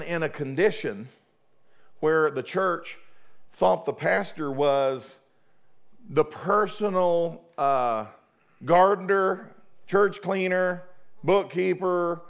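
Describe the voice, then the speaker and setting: Man, middle-aged pastor, sermon, fervent, gravelly, fairly high voice. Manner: fervent, repeats and restarts words.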